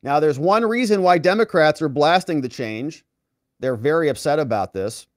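Male commentator, slightly high voice, lively and emphatic, dry close sound. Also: moderate pace, no room sound. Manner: animated, emphatic, talks straight to viewers. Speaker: host. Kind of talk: political commentary.

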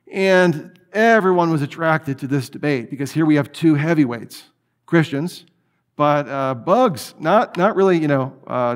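Male lecturer, higher-set voice, chatty teaching style, animated delivery. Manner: conversational, animated, with many restarts. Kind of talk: apologetics lecture.

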